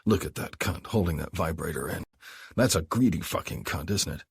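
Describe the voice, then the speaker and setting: A man voicing a controlling former soldier in an audiobook, speaking low and slow, often dropping to a hush. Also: gravelly, slightly rough, no echo, clean studio sound, full character voice. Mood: commanding.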